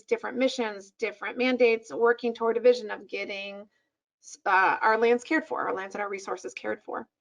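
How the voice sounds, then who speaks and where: A woman's voice: a little high, vocal fry, lo-fi sound. A woman presenting a policy report on a webinar over a video call, speaking conversationally with fillers.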